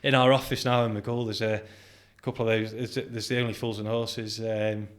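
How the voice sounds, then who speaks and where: A British man in his forties, a podcast guest and business founder, telling lively anecdotes in a casual interview, acting out quoted dialogue and laughing often. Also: on the low side, moderate pace.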